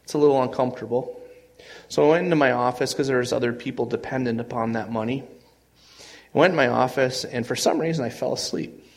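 Man, pastor, sermon, earnest, conversational, frequent restarts, shifting loudness. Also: medium pitch, fast talker, gravelly.

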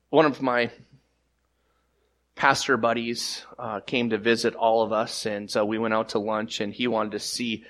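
A man preaching a sermon as pastor, with animated delivery, repeated restarts and swings between loud emphatic lines and quiet ones. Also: medium pitch.

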